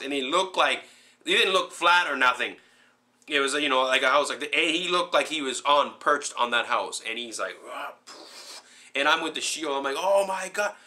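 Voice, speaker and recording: A young man with a medium-pitched voice rambles excitedly through a video game review. He acts out his own reactions and says "man" a lot.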